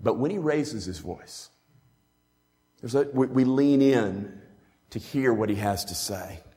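A man's voice: mid-range voice, lively intonation, unhurried, mellow. A man preaching a sermon as a pastor, earnest and emphatic in a teaching way. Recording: long hall reverb.

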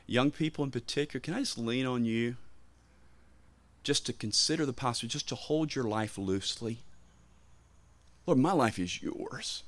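A pastor preaching an impassioned sermon. He repeats his points with emphasis and his voice suddenly swells in loudness. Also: medium pitch, moderate pace, long pauses, no room sound.

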